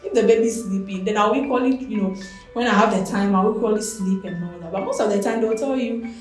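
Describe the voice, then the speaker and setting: A young woman with a Ghanaian accent telling a personal story as an interview guest, animated and expressive. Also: medium pitch, fast talker, heavy reverb, soft background music. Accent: Ghanaian English.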